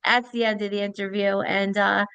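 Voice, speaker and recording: A woman interviewer on a radio show, brisk and chatty as she closes out the interview. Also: medium pitch, little pitch movement, fairly bright tone, clean tone, no room sound. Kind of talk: casual interview wrap-up.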